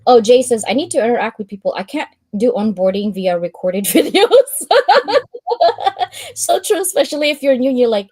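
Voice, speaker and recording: A woman hosting a live stream, reading out a checklist and chatting in an animated way, laughing often and acting out her own thoughts. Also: fairly high pitch, normal speed, slightly rough, dry recording.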